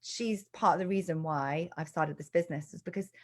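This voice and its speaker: A woman's voice: lowish voice, a little fast. An upbeat, self-deprecating woman hosting a live-streamed interview over a video call from an office. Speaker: host. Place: farm office indoors.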